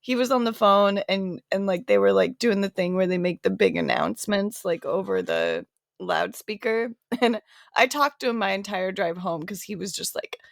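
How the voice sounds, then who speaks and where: A woman's voice: medium pitch, lively intonation, normal speed, gravelly, no room sound, clean studio sound. A woman hosting a casual podcast, telling rambling stories full of laughter and swearing. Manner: rambling and giggly, many likes and swears. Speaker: podcast host. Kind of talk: casual chat.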